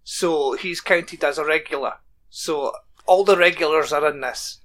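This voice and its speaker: A man's voice: fairly high pitch, a little slow, a bit bright. A man co-hosting a casual podcast, chatting about a TV show and reading plot summaries aloud. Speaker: podcast co-host. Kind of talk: casual chat.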